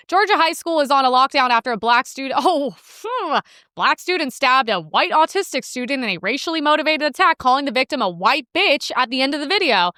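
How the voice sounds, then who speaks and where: Young woman ranting sarcastically on her show, bright crisp voice, bounces up and down a lot. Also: sits high, very animated, fairly quick, no echo, clean studio sound. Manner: sarcastic, rambling with many fillers. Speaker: host. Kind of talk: casual commentary reacting to news clips.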